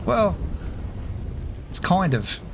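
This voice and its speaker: A middle-aged man, casually commentating a game on a live stream, chatty and quick to laugh as he thinks aloud. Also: high-pitched, big pitch swings, gravelly, slight background noise.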